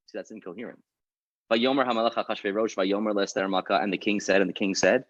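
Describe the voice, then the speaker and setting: A man's voice: fairly low pitch, fairly even intonation, fast, dry recording. A man, a rabbi, teaching a class on the text in a dramatic way, explaining and then acting out the story. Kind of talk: animated Torah class. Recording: muffled lo-fi recording.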